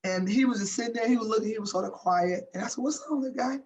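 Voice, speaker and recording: A woman in her fifties who once played professional basketball shares motivational stories during an interview. She speaks fast at a fairly high pitch, emphatic and animated, often repeating herself for emphasis, and the recording is rough.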